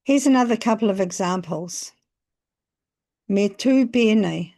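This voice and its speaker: Slow, careful New woman teaching. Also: medium pitch, a little mellow. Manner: slow, careful phrasing with pauses between examples. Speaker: language teacher. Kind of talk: scripted lesson narration.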